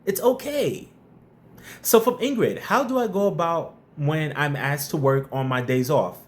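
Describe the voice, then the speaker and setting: A man hosting a live stream, chatting casually, giving viewers shout-outs and blunt, tough-love workplace advice. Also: on the high side, measured pace.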